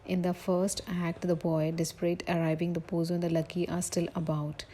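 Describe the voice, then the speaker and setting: Flat-voiced woman reading a literature lecture. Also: on the low side, a little hiss or hum, poor audio. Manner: reads haltingly, with slips and self-corrections. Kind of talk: recorded lecture reading from notes.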